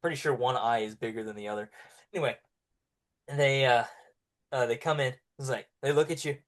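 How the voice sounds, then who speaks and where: A relaxed man narrating a tabletop game as its game master. He talks loosely, with fillers and easy chuckles, at a middling pitch. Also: a little fast. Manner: casual, laughs often, filler-heavy.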